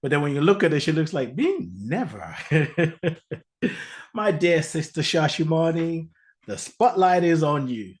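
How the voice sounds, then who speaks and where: A man's voice: fairly high pitch, very animated, measured pace. A man hosting a live gathering, introducing speakers in a playful, joking way and laughing often. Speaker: event host.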